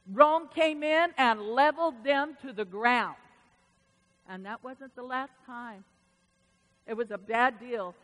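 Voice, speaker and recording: A woman pastor preaching a sermon in a church, animated and calling out to the congregation. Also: high voice, in a large hall. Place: church sanctuary.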